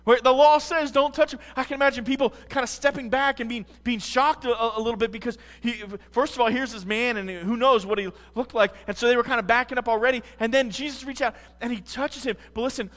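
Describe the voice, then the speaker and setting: This sermon comes from a male pastor in the United States whose very high voice moves from hushed musing to loud passion. His pace is a little fast, and the sound trails off in long reverb.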